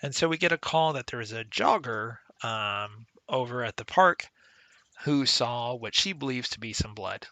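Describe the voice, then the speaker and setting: A man talks through an old adventure game in a relaxed, chatty way, stopping to explain how things work. His voice is very bright and forward. The recording is dry and close, with almost no room sound. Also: mid-range voice, normal speed, dry recording. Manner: conversational, explains game mechanics with occasional laughs. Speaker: let's play commentator. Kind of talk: casual gameplay commentary.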